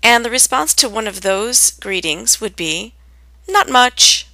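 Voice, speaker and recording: A woman teaching common English greetings in a clear, deliberate lesson, acting out the example phrases in a lively way. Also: mid-range voice, no room sound. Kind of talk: scripted lesson on spoken greetings.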